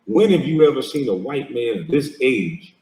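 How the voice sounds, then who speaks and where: A man's voice: mid-range voice, big pitch swings, moderate pace, warm tone, distant mic. A man hosting a heated reaction commentary, mocking and confrontational and swearing a lot. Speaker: host reacting to a video clip. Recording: echoey room, speaker off mic.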